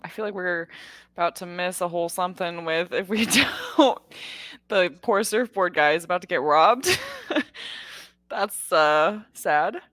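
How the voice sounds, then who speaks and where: A woman's voice: fairly low pitch, measured pace, a bit bright, no room sound, studio quality. A woman playing a tabletop game, hesitant, with many fillers and frequent laughter. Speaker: player. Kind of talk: casual tabletop play.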